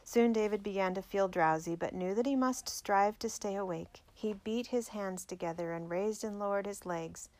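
A woman narrating a biography aloud in a measured, clear storytelling manner. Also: mid-range voice, a little mellow.

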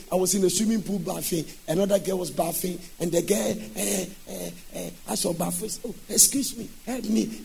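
A man preaching a sermon, moving between speech and sung shouting. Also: high-pitched, creaky, a little hiss or hum.

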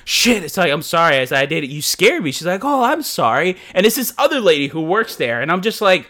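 Male podcast co-host, lively bright voice, swears a lot, acts out his reactions. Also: sits high, fairly quick. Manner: animated, profane, acts out his own reactions. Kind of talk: casual storytelling chat.

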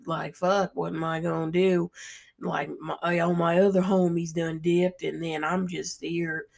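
Gravelly low-voiced young woman podcaster. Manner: casual, slangy and profane, with frequent "like" fillers. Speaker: podcast host. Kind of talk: casual personal storytelling.

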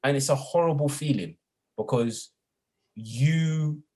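A man, a guest in an interview, speaking reflectively and growing animated as he retells his own experiences. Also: on the high side, slow, breathy edge. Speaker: guest, educator and former youth worker. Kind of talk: storytelling in a conversational interview.

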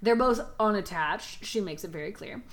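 A woman's voice: medium pitch, animated, normal speed. A woman co-hosting a podcast, summarising a story and joking bluntly with profanity. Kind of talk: casual chat.

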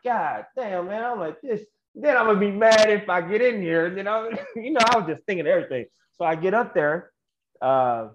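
A young adult man, a guest wrestler, telling a story in a laid-back, slangy way and laughing often, on a muffled lo-fi recording. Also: high-pitched. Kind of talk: casual storytelling interview. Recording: muffled lo-fi audio with faint noise.

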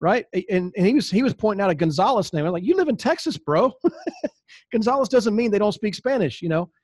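Middle-aged guy hosting, fun storyteller, acts out the back and forth, slightly higher voice, dry close sound. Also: quick pace, no echo. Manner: lively storyteller, acts out dialogue, laughs often. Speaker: host and insurance agency leader. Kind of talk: casual storytelling talk to agents.

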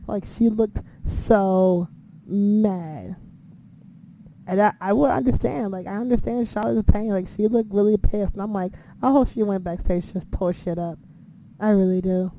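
A woman's voice: mid-range voice, normal speed, warm tone, a little hiss or hum, rough recording. A woman casually recapping a wrestling show, swearing freely and acting out her own reactions.

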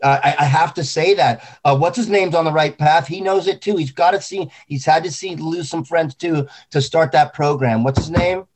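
A man's voice: fairly high pitch, moderate pace, hardly any pauses. A man talking casually about grief, intense and rambling, swearing often. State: grieving. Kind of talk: emotional casual talk.

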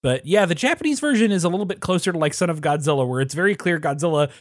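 This is a man co-hosting a casual podcast chat. His voice sits a bit high and moves all over the place. He swears without a second thought, and the sound is dry and close. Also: animated, racing, no echo. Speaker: podcast co-host.

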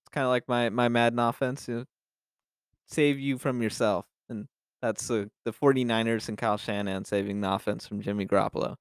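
A man's voice: mid-range voice, fairly even intonation, fairly quick, clear, resonant tone, dry recording, clean studio sound. A young man co-hosting a podcast, chatting loosely about football with frequent restarts and casual swearing. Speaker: podcast co-host. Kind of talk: casual sports chat.

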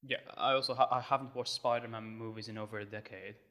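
A man's voice: medium pitch, steady tone, fast talker, sharp tone. A young man from Malta, a podcast guest, chatting casually with dry, rambling, self-deprecating humor. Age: young adult.

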